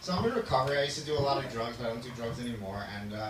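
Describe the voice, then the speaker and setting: A man's voice: mid-range voice, lively intonation, rapid-fire. A man in his thirties doing a stand-up comedy set, self-deprecating and laughing at his own jokes. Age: 30s. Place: small club stage with audience. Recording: echoey room from a distance, loud noise.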